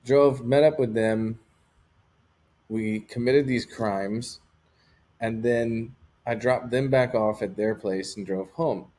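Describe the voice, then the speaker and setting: A man's voice: mid-range voice, steady tone, slow pace, dark tone. A man talking as an interview guest, telling a personal story in a candid, rambling way with lots of casual fillers.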